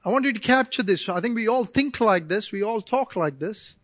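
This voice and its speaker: A man pastor preaching a sermon, animated, with playful asides and acted-out prayers to God. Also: high-pitched, brisk, few pauses, no room sound, clean studio sound.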